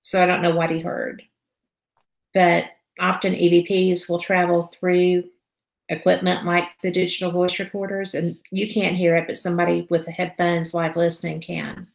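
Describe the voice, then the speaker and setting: A woman with a low, gravelly voice tells a story as a guest in an interview. She is animated and acts out the conversations she describes. Her voice sounds roomy, with echo around it. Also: normal speed. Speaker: guest paranormal investigator and radio host.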